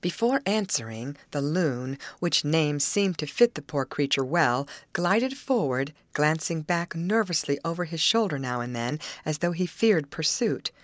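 Low-voiced woman reading a novel aloud. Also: lively intonation, a little slow, few pauses, dry recording. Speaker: audiobook reader. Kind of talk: scripted narration.

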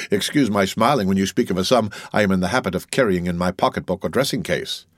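A man reading the part of a cold, suave, gentlemanly wealthy count, in a coolly ironic, unhurried manner. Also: fairly low pitch, lively intonation, dry recording, clean studio sound, natural voice. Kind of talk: audiobook character reading.

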